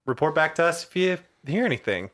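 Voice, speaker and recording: A man's voice: a little high, very animated, brisk, fairly bright tone. Joking man playing a tabletop game. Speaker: player.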